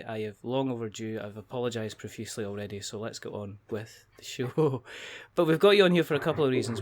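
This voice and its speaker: A man hosting a casual podcast chat, joking, rambling and laughing often. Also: medium pitch. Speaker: podcast host.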